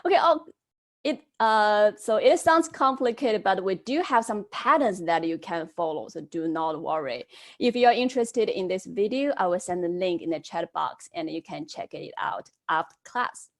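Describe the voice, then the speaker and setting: A woman teaching an online Chinese class, modelling words slowly and prompting students to repeat them after her. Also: medium pitch, lively intonation.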